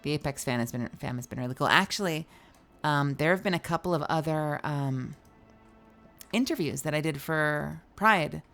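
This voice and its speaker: Speaking at a normal pace in a low, fairly bright voice, a young woman chats casually on her livestream and reads her viewers' messages out loud. She's sleepy, yawns, and swears from time to time over faint background music.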